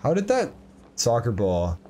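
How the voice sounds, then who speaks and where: Young man, gaming commentary, teasing, unhurried, lively pitch, game music behind. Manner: joking, teasing, bursts into shouts. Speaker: gaming YouTuber. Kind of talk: casual let's-play commentary.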